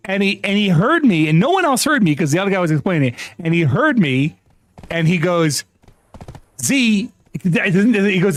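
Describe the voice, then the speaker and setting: A man talks to his livestream audience in a casual, rambling way, laughing and cursing as he tells a story. His voice sits a little higher than most men's and swoops up and down a lot. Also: normal speed. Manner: animated, laughing storyteller who swears freely. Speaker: streamer.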